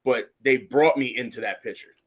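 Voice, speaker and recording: Earnest young man, mid pitch. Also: moderate pace. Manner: earnest, reflective, many fillers like "you know" and "like". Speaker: podcast co-host. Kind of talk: casual chat.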